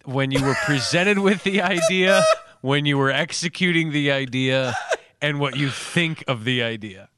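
A man's voice: medium pitch, a little slow, heavy background noise. A man co-hosting a sports podcast in casual chat, meandering as he builds up a reveal.

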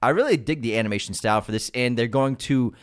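A man's voice: mid-range voice, quick pace. A man co-hosting a movie news podcast, joking and laughing often as he teases his co-host. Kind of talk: casual movie news chat.

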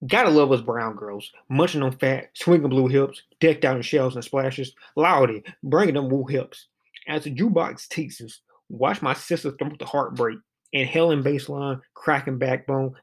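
A man's voice: medium pitch, normal speed, slightly rough. A man reading a poem aloud, voicing a brassy young woman with an exaggerated put-on accent and a rhythmic delivery.

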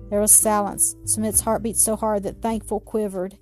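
Mellow woman reading a children's story. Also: medium pitch, flat delivery, normal speed, soft background music. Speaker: narrator. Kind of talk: storybook narration.

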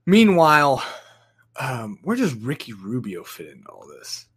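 A man hosting a casual podcast chat, talking in a halting way with frequent restarts and easy laughs. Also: medium pitch, sing-song, fairly bright tone, slightly rough. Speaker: podcast host.

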